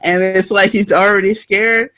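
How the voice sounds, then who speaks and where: A woman's voice: medium pitch, fairly even intonation, moderate pace, fairly bright tone. A woman co-hosting a book show in casual chat, chatty and laughing often, trailing off mid-sentence.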